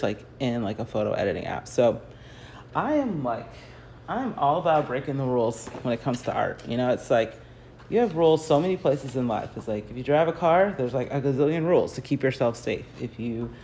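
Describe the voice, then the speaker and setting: A woman's voice: a bass voice, darkish tone, a little hiss or hum. An American woman in a casual, rambling livestream chat from her home garage. She laughs often and uses lots of fillers as she paints. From United States. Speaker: artist hosting a livestream. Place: home garage, early morning. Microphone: phone livestream.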